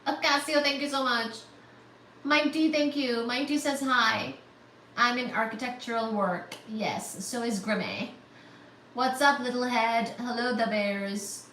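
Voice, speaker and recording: A woman hosting a casual livestream, chatting with viewers and thanking them for super chats in a bubbly, excitable way. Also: on the high side, a little slow. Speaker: livestream host. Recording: roomy, distant, faint static hiss.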